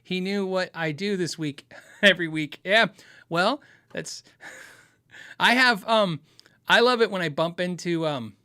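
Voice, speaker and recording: A man's voice: sits high, a little slow, long pauses, sharp tone, clean tone. A middle-aged man hosting a live podcast, chatting casually through viewer questions, laughing often and acting out quoted voices as he tells stories. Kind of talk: casual live-stream chat.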